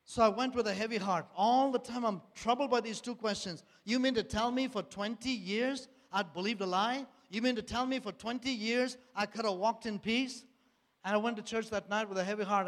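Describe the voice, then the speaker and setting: High-voiced man testifying in an echoing hall. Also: brisk. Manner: earnest, repeating phrases and rhetorical questions. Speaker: speaker giving a personal testimony. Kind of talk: church testimony talk. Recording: long hall reverb.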